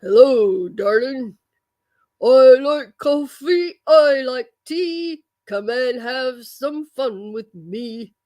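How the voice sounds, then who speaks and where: A woman putting on a man's voice, slowly singing a silly little ditty in a drawn-out sing-song. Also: sits high, lively intonation, mellow, dry recording, full character voice. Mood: crooning. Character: a man named Ron, crooning a silly ditty.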